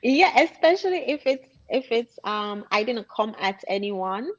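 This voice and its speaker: A woman's voice: fairly high pitch, animated, measured pace, highs cut off. A woman guest on a casual podcast, assertive and matter-of-fact, laying out her arguments in reasoned steps over a remote call.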